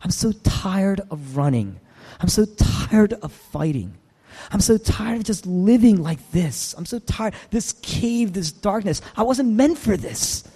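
Casting: a man doing a worn-out exiled king, sighing and pleading, mellow lively voice, long hall reverb. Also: high-pitched, measured pace, slightly rough, exaggerated voice. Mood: weary pleading. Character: weary homesick exiled male king hiding in a cave.

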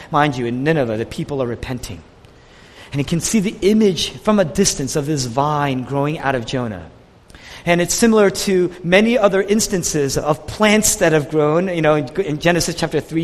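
A man preaching a sermon with an impassioned delivery that swings from quiet to raised, with a husky voice. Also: a little high, long reverb tail.

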